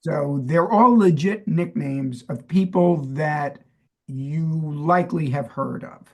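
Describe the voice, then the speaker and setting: New York co-host, husky, gravelly, higher voice, playful quizzer. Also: male voice, slow pace, darkish tone. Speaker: podcast co-host. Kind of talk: casual chat.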